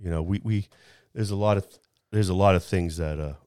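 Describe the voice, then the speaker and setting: A man's voice: deep voice, a little fast, darkish tone, no echo, clean studio sound. A man in his fifties telling a personal story in casual chat, rambling with frequent restarts and laughing at himself. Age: 50s.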